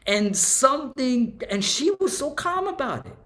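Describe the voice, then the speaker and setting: A man, a guest artist and educator, telling stories in a lively conversation, acting out quotes with big swings in his voice and slangy speech. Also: extremely high pitch, a little slow, slight background noise. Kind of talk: animated storytelling conversation.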